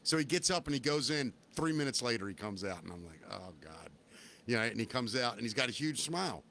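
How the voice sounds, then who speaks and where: A man hosting a podcast in casual chat, an animated, joking storyteller. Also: mid-range voice, fast talker, a little hiss or hum. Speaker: podcast host.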